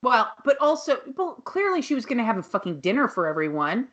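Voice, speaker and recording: A woman's voice: fairly high pitch, sing-song, fairly quick, a bit bright, dull audio. A woman co-hosting a podcast, recapping a TV episode in casual chat, swearing and acting out the characters' lines. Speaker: podcast co-host.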